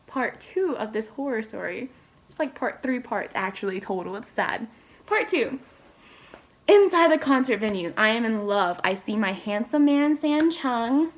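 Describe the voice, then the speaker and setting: A young woman who vlogs as a K-pop fan shares personal stories at a measured pace. She's animated and rambling, peppering her talk with "like" and jumping suddenly in pitch.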